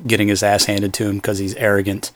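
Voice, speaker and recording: With a fairly low pitch and flat delivery, a man talks fast as he co-hosts a podcast. He chats casually and eagerly about a movie, rambling and leaning on fillers.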